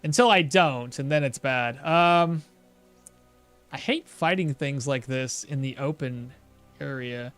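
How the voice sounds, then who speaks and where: A young man streaming a survival game, chatting loosely and telling a profane story with sudden loud outbursts. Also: mid-range voice, takes it slowly, smooth, soft background music. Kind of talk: casual gameplay commentary.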